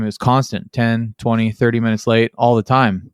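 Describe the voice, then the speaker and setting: A man's voice: fairly low pitch, level tone, brisk, clean tone, no room sound, studio quality. A man hosting a podcast, telling stories in a casual, rambling way and leaning on "like" and "you know". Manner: rambling storyteller, heavy use of "like" and "you know". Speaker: podcast host. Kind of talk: casual interview chat.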